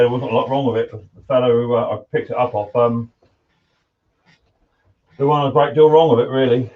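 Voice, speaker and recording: A man's voice: on the high side, far from the mic, phone-quality sound. A man chatting casually to viewers on a live stream while he works, greeting them as mate and buddy. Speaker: live-stream host, mower repairer. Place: home workshop.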